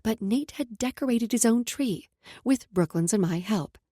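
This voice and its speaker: A woman's voice: on the high side, expressive, normal speed, mellow, dry recording. A woman narrating a romance audiobook in an intimate first-person voice that drops to a whisper in close passages.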